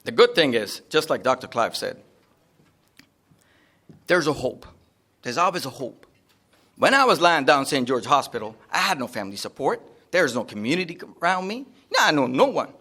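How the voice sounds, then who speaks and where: A man's voice: medium pitch, big pitch swings, moderate pace, pushed and bright, slightly rough. A man giving a rambling, jokey talk to a live seminar audience, repeating himself often. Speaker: seminar speaker. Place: seminar room.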